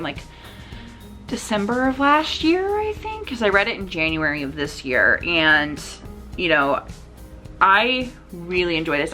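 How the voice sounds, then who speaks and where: This woman's voice sits on the low side, bright and forceful. She's a book reviewer chatting casually to her camera, rambling with plenty of "like" and "um" fillers. The sound comes through the camera mic.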